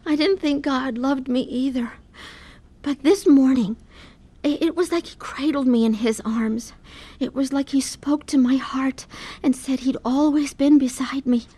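A woman's voice: high voice, unhurried, mellow. An actress playing a middle-aged wife who narrates her own story in a radio drama, earnest and heavy with pain. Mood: anguished. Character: weary wife recalling her troubled past. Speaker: narrator and lead character.

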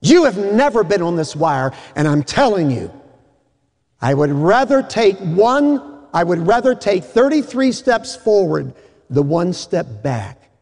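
A man playing a calm old high-wire master. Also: a little slow, full character voice. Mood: reassuring. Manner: fatherly, reassuring. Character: calm veteran male high-wire walker. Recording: echoey hall.

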